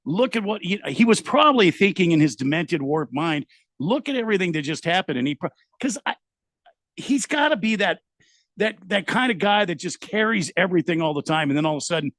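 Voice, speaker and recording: A man's voice: sits high, lively intonation, a bit bright, dry recording. A man on a sports radio show who halts and repeats words as he builds his point. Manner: halting, repeats words while building an argument. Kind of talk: casual sports talk.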